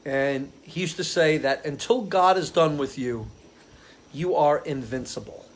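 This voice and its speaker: This man's voice is fairly high and a little slow. He hosts an easygoing live stream outdoors on his porch under a ceiling fan, spinning meandering tales and regularly losing his thread.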